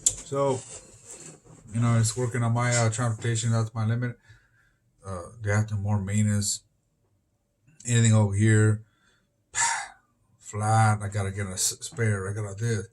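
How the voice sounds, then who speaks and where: A man's voice: on the low side, flat delivery, measured pace, long pauses, darkish tone. Rambling man talking on the street. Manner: rambling and disjointed, jumps between topics.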